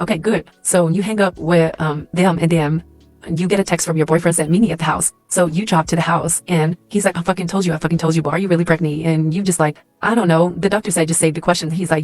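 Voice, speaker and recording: A woman's voice: deep voice, darkish tone, no room sound. A woman telling a casual storytime in second person, profane, acting out the quoted lines. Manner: fast, profane, acts out quoted dialogue. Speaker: storyteller in a clip.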